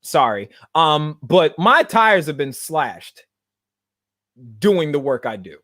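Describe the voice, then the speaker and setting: A man's voice: on the high side, very animated, slow, bright, forceful tone, no echo, clean studio sound. A man hosting a podcast, speaking in a blunt, slangy, digressive monologue. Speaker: podcast host and activist. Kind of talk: casual monologue.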